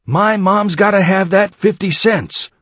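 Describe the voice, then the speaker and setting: A man's voice: mid-range voice, fairly even intonation, moderate pace, slightly rough, no echo, studio quality, natural voice. A man doing a small, stubborn tenant girl. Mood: insistent. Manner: meek, then screaming.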